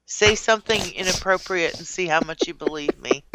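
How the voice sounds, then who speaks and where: A woman's voice: on the low side, fairly quick, pushed and bright, a little hiss or hum, rough recording. A woman co-hosting a radio show, teasing and dry in casual banter. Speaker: radio co-host.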